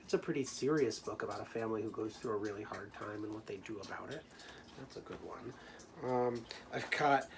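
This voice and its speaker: Gentle male teacher talking to children. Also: medium pitch, noisy background. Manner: gentle, talking through feelings aloud. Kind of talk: storytime lesson for children.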